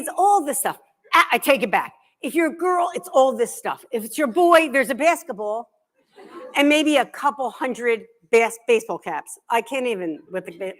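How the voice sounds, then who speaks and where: A middle-aged woman, a guest author, telling comic stories to a live library audience in an animated, self-deprecating way. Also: high-pitched. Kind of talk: comic storytelling talk.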